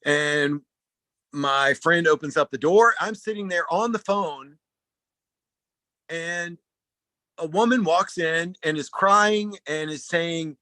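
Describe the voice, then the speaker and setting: A man telling a personal story at a talk, animated and rambling, often restarting his sentences. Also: on the high side, takes it slowly, long pauses, no echo. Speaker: speaker at a talk.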